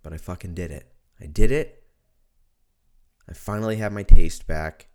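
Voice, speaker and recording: Drunk and congested, this podcast host rambles through a casual solo monologue from home and swears freely. He speaks at normal speed in a low-pitched, darkish voice.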